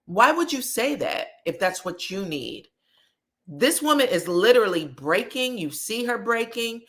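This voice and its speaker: A woman's voice: medium pitch, sing-song, a little slow, fairly bright tone. A woman hosting a podcast, recapping a reality show in blunt, sassy casual commentary. She swears freely and acts out the quoted lines dramatically.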